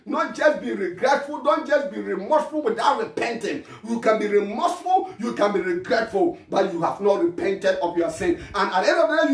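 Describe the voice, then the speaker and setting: A man preaching an impassioned sermon, repeating his phrases and shouting calls to repent. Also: high-pitched, vocal fry. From Ghana. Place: church hall. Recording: echoey hall from far off.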